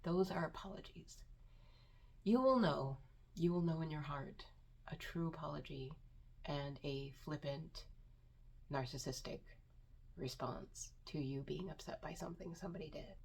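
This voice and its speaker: Low, gravelly-voiced woman giving earnest advice. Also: measured pace, long pauses, darkish tone. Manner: earnest and emphatic, repeats words for stress. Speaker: self-improvement vlogger. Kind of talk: personal advice talk to camera.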